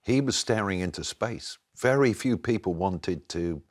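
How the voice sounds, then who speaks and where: Male panelist, very deep voice, wry and chatty. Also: lively intonation, unhurried. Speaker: studio guest commentator. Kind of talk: panel chat.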